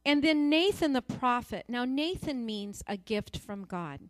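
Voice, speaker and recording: A woman's voice: fairly high pitch, expressive, unhurried, no room sound. A woman preaching a sermon in an earnest, emphatic way, repeating phrases for stress.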